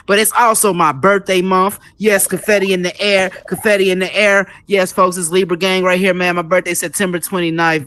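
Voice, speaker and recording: A young man hosting a live show in a casual monologue, animated and repetitive, hammering his points home and calling his listeners "folks", a little out of breath. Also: on the high side, dry recording. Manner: animated, repetitive, preacher-like emphasis, calls the audience "folks".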